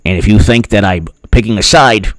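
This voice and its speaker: A man's voice: fairly low pitch, a little fast, dry recording. A man hosting a casual political livestream, joking, laughing at his own lines and thanking viewers by name. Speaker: political commentator host.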